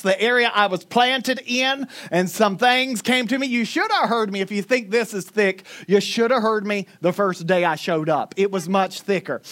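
A man's voice: high-pitched, bright, forceful tone. A man with a thick Southern accent preaching a sermon in a folksy, chatty, self-mocking way. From Florida Panhandle, US. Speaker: pastor. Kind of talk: sermon with storytelling.

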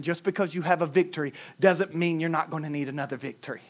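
Man, pastor, sermon, high voice, dramatic, shouts to hushes, colloquial storytelling. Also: steady tone, fast, few pauses. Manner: preaching with big swings from shouts to hushed tones.

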